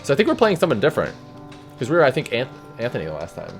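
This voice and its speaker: A man's voice: medium pitch, wildly swooping pitch, rapid-fire, faint music behind. A man hosting a casual gameplay video, chatting and laughing as he plays. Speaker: let's play host.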